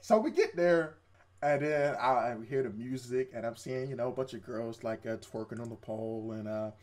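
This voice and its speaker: A man's voice: medium pitch, moderate pace, a little mellow. A young man in casual chat, retelling an anime episode with quoted voices and laughs. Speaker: co-host reviewing anime.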